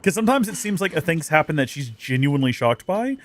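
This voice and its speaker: Guy doing let's play commentary, wry jokey asides, animated voice. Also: a little high, fast, no room sound. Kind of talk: casual gameplay commentary.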